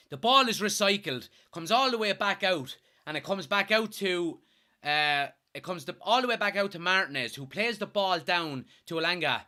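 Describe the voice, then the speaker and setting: A young man hosting a live fan watchalong, giving excitable, partisan commentary and reading out chat. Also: fairly high pitch, a little fast. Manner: excitable, partisan, swears when thrilled.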